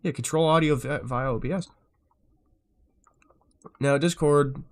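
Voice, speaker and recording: A man's voice: a little high, a little slow, long pauses. A man live streaming, frustrated as he fixes his setup, swearing and muttering to himself.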